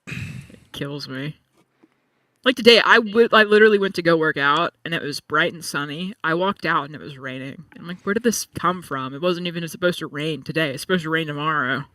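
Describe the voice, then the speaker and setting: A man in casual chat, telling stories with animated, rambling energy and lots of "like". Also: fairly high pitch, fairly quick, no room sound, far from the mic. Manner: chatty, animated storytelling with lots of "like". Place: home room.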